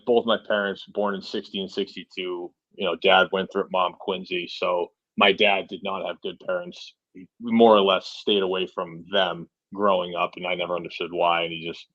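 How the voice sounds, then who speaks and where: A man's voice: low voice, a bit bright, no echo, lo-fi sound. A man in his forties from Massachusetts, a podcast guest telling stories in a rambling, casual way with lots of "you know" and "right?". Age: 40s. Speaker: podcast guest, truck driver. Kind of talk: casual storytelling.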